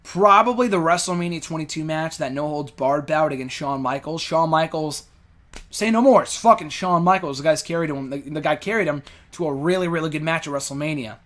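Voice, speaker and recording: Chatty man with a higher voice. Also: brisk, a bit bright. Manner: rambling, loose and opinionated with frequent fillers. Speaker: host answering fan questions. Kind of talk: casual chat.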